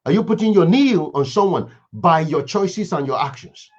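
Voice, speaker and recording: Male speaker, slightly high voice, emphatic preaching cadence on a dull lo-fi recording. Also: expressive, normal speed, darkish tone. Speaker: speaker giving a moral reflection. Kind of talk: impassioned moral talk.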